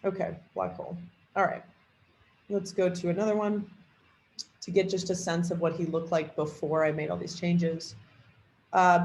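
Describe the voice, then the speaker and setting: A woman's voice: lowish voice, normal speed, creaky, darkish tone, roomy sound, a little hiss or hum, rough recording. A woman giving a casual tutorial on tuning an AI character, thinking aloud with lots of fillers. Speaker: trainer demoing an AI character tool.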